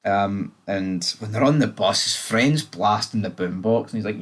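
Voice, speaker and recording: A man's voice: lowish voice, moderate pace. A man giving a casual, rambling TV episode review, blunt and swearing freely.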